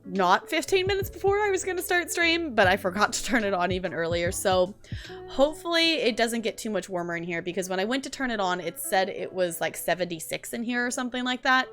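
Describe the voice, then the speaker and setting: A young woman chats with her stream viewers in a bright, clear voice. She rambles and restarts her sentences, full of fillers. Soft lo-fi music plays faintly behind her. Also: mid-range voice, sing-song, brisk. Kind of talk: casual stream chat.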